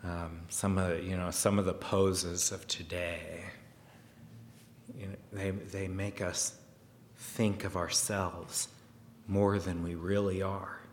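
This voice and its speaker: A man preaching a sermon, slow and hesitant, with fillers and restarts, growing louder as he reads scripture aloud. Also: deep voice, little pitch movement, big-room sound, slight background noise.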